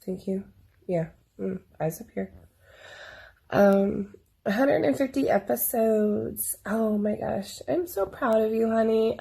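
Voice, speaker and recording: A woman's voice: medium pitch, darkish tone. A woman recording a rambling, affectionate congratulations video for a friend. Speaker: friend sending a video message. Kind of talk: casual recorded video message.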